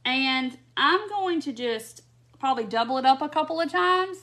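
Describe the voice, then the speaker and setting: A woman's voice: high voice, expressive, moderate pace, bright, forceful tone. A woman hosts a casual craft livestream, giggling often as she chats to viewers. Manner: giggly, laughing often while chatting to viewers. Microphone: phone or webcam on a live stream.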